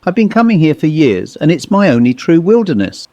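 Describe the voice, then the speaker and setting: A man doing a jolly old English gentleman. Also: on the high side, very animated, brisk, dry recording, lo-fi sound, voice pushed up. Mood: jovial. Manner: hearty, old-fashioned, chummy. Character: jolly elderly English gentleman, upper-class.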